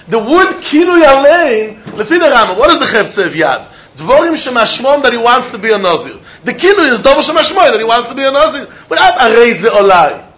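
High-voiced man giving a Talmud class. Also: fairly bright tone. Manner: Yiddish-laced English, chanting question-and-answer. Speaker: Talmud teacher. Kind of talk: Talmud lecture.

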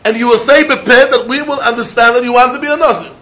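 High-voiced man giving a Talmud class. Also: steady tone, quick pace, a bit bright. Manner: Yiddish-laced English, chanting question-and-answer. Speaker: Talmud teacher. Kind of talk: Talmud lecture.

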